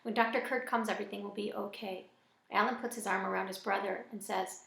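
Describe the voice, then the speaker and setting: A woman reading a first-person novel aloud in a plain, even storytelling manner. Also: mid-range voice, a little fast, creaky. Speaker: audiobook reader. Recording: echoey room.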